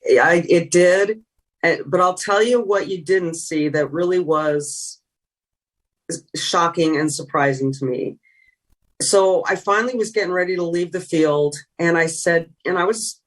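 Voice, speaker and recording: A woman's voice: on the low side, normal speed. Earnest middle-aged woman recounting a story. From California. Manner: earnest storytelling, trailing restarts. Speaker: guest, former sideline reporter. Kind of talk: emotional reflective interview talk.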